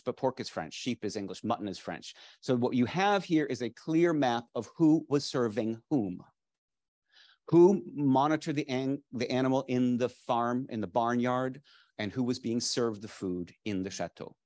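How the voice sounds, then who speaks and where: A man's voice: mid-range voice, a little mellow, no room sound, studio quality. Enthusiastic man giving a lecture. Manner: enthusiastic, digressive, with frequent restarts and fillers. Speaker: lecturer, dictionary editor. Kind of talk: public lecture to a live audience. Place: library lecture space.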